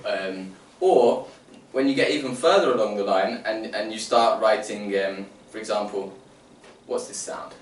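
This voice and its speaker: A man's voice: on the low side, measured pace. A man presenting phonics teaching to other teachers, sounding out letters and explaining step by step. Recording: roomy, distant mic, faint room noise.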